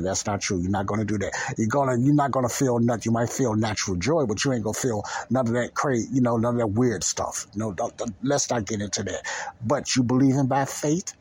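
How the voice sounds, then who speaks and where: Male podcast preacher, husky voice, emphatic, repetitive, colloquial and direct with the listener. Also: mid-range voice, a little mellow.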